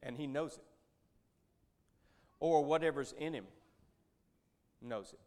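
A man's voice: fairly high pitch, slow pace, darkish tone. A man in his fifties, a Christian businessman, telling a story in a church talk in a conversational, folksy way with joking asides.

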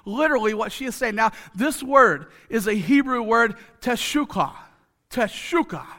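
Bright, high-voiced preacher man. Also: normal speed. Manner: conversational, joking, with many rhetorical asides; repeats phrases for emphasis. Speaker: pastor. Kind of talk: sermon.

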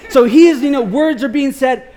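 A man preaching a casual sermon, telling a story in an animated, slangy way with lots of filler words. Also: very high voice, normal speed. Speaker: pastor.

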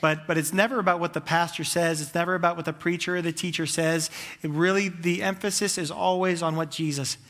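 A male pastor preaching with a high, bright, forceful voice. He stacks clause on clause in fervent, building runs. His voice rings with the long reverb of a large hall. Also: steady tone, a little fast. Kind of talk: sermon.

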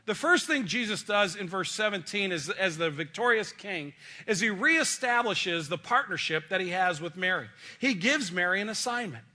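A man's voice: sits high, expressive, fairly quick, pushed and bright. A middle-aged male pastor preaching a sermon in a folksy, joking, conversational way.

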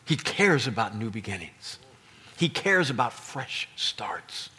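A man preaching a sermon as pastor, animated and emphatic, with playful asides to his congregation. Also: medium pitch, slow, breathy edge.

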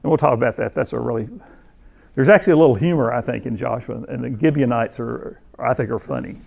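A man's voice: mid-range voice, fast talker, vocal fry, a little mellow, slightly rough. A man teaching a Bible class in a conversational lecture, with many restarts, reading passages aloud between his own comments. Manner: reads scripture passages aloud.

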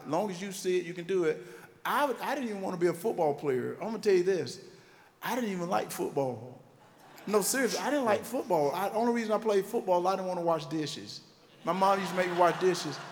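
A man from Georgia, telling emphatic, animated stories in a motivational faith talk. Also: sits high, long reverb tail. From Georgia, USA. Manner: animated, emphatic storytelling with repetition. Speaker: motivational speaker.

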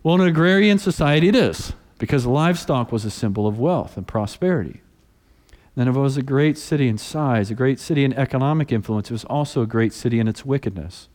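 With a quick pace and a mid-range voice, a man in his thirties preaches in what sounds like a big room. As a pastor, he leans on storytelling, playing the people in his tales and giving quoted speakers animated voices.

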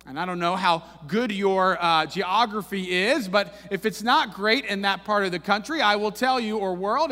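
A man's voice: high-pitched, sharp tone. A man preaching a sermon in a church, telling the story conversationally with wry humor and frequent asides to the congregation. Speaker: pastor. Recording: long reverb of a large room.

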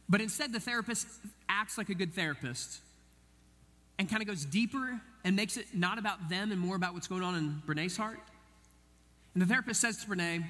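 High-voiced man preaching in a reverberant hall. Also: a little fast. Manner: animated, acts out quoted voices. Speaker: pastor. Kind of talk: sermon storytelling.

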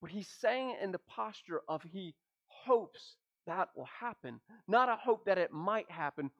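A man preaching a sermon, asking rhetorical questions and dropping his voice low at the ends of phrases. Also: animated, measured pace, highs cut off. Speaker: pastor.

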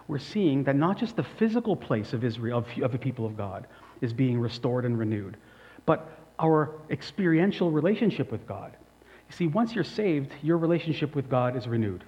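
A young man preaching a sermon as pastor, in a conversational, animated way, with asides and self-corrections. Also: medium pitch, in a large hall. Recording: dull lo-fi sound.

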